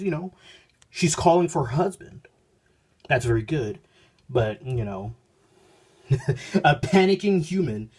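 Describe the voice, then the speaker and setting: Man, husky voice, mid pitch, casual comic review, rambling, recorded on a phone. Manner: rambling, self-interrupting, paraphrases dialogue loosely. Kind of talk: casual spoken review, reading panels aloud.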